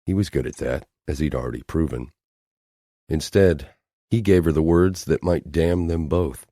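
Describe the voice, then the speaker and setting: A man reading an audiobook as narrator, measured and dramatic, letting his phrases fall off at the ends. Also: extremely low pitch, mellow, dry recording, clean studio sound. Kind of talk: scripted narration.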